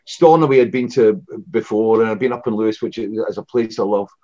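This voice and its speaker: A man's voice: fairly low pitch, fairly even intonation, fairly quick, a little mellow. A Scottish man in his sixties, a former rock frontman, telling rambling anecdotes with many restarts in a casual interview. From Scotland. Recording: dull lo-fi recording.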